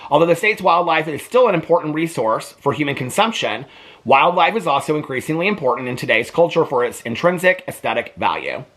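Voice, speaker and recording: A man from Indiana casually vlogging as he unboxes mail, gushing with excitement and breaking into asides while reading aloud. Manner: gushing and excitable, voice jumps high when delighted; reads aloud haltingly with asides.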